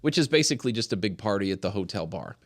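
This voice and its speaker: A man's voice: on the low side, big pitch swings, fast. A man from Colorado, a podcast co-host, telling a story in casual chat and laughing often.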